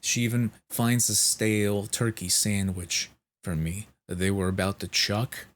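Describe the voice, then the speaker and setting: Male vlogger, unhurried delivery, blunt and foul-mouthed, recounting a bad experience straight to camera. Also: on the low side, level tone. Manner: frank, heavily profane, exasperated retelling. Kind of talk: casual storytelling monologue.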